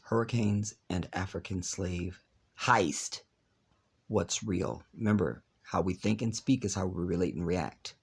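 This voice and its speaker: A man talks slowly in a rambling monologue, addressing his viewers directly. He reads passages aloud and skips through them with filler. His voice is gravelly and husky. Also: deep voice. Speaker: video channel host. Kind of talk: solo monologue reading aloud.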